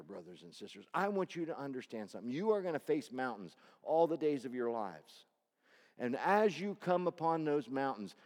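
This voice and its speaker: A man preaching a sermon to a congregation, swinging between loud cries and hushed low tones. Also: long reverb tail.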